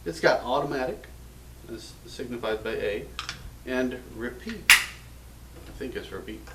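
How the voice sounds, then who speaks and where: A man's voice: medium pitch, animated, a little slow, heavy background noise. An American man hosting a casual gun show, joking and rambling in a self-mocking way. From United States. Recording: roomy echo from a distant mic.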